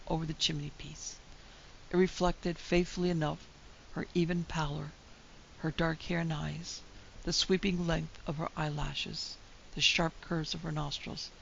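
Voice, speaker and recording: A woman narrating a classic ghost story in a measured, steady storytelling voice. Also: low-pitched, creaky, a little hiss or hum. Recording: dull lo-fi recording.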